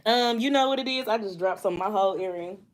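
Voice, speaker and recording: A young woman speaks fast in a medium-pitched voice while hosting a laid-back livestream on her phone. She chats away, reads out comments from viewers, answers them, and laughs a lot.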